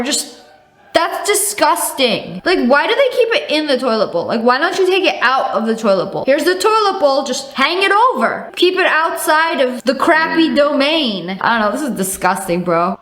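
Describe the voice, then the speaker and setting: A woman's voice: sits high, animated, normal speed, fairly bright tone. A woman hosting a reaction video, chatting casually, laughing and acting out exaggerated disgust. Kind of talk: casual commentary. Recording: roomy echo.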